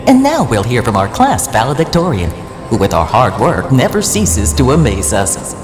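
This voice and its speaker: An actress playing a school official formally introducing a graduation speaker in an ad. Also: female voice, a bass voice, wildly swooping pitch, normal speed, reverberant, big-room sound, music in the background, heavily acted. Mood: proud. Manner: formal, announcing. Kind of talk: scripted ad acting.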